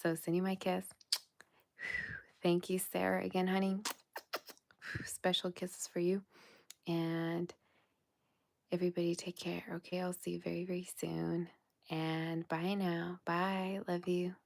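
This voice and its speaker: A tired woman closes out a late-night tarot livestream, speaking softly and affectionately and often sinking to a whisper. Her voice sits low with a gravelly fry. She keeps a flat, even delivery. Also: a little slow. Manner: soft-spoken, affectionate, often drops to a whisper. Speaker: tarot reader hosting a livestream. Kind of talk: casual livestream sign-off chat.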